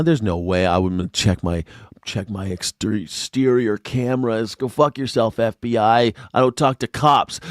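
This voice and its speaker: A man's voice: medium pitch, no room sound, studio quality. A man hosting casual political commentary, ranting profanely and sarcastically. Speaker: host.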